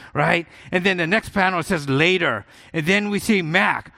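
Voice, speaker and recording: Older guy preaching, high voice, animated storyteller, does little voices and jokes on himself. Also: moderate pace, gravelly, few pauses. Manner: animated, acts out comic-strip voices, self-mocking humor. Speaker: pastor. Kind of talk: sermon with storytelling.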